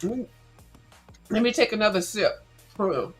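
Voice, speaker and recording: Woman host, mid-range voice, loud crunchy snacking chat, teasing and foul-mouthed. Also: medium pitch, expressive, moderate pace, husky, faint music behind, poor audio. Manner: sassy, blunt, cusses freely, chews loudly into the mic. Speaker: livestream host. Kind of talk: casual chat while snacking.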